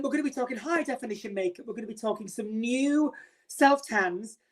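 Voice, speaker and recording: A middle-aged woman hosting a makeup live stream, theatrical and self-mocking, greeting viewers by name. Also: fairly high pitch.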